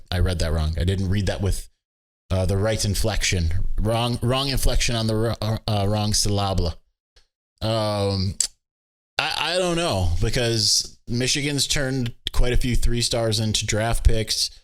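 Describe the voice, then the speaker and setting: Low-voiced man hosting a casual podcast. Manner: chatty, offhand, laughs at himself. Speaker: podcast host answering listener questions. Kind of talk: casual sports podcast chat. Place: at home with his dog on his lap.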